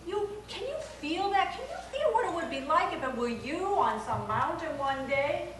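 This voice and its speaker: A woman minister giving a lively, playful sermon who acts out the voices she quotes. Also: high voice, normal speed. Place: church sanctuary. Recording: echoey church hall from far off, with hiss.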